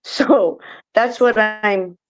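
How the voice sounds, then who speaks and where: A woman hosting a casual livestream chat, chatty and jokey. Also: mid-range voice. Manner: chatty, jokey, quick to laugh.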